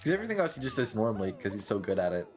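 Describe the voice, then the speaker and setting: A man giving casual play-by-play commentary on a speedrun race, relaxed and full of fillers. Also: fairly low pitch, racing, soft background music. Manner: relaxed, lots of filler "like" and "you know".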